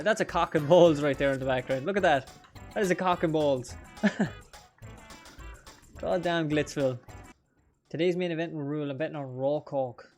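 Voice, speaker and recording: A young man, streaming a game with crude jokes and frequent laughter. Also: on the high side. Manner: crude, joking, laughs often. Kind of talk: live gameplay commentary.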